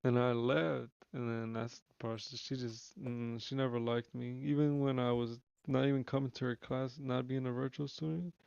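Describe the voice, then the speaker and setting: A man's voice: medium pitch, little pitch movement, normal speed, gravelly, hardly any pauses, a little mellow, clear, resonant tone, no room sound, lo-fi sound. A young man streaming live, telling a long story in casual slangy speech with lots of swearing and restarts. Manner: rambling, slangy, swears freely, restarts often.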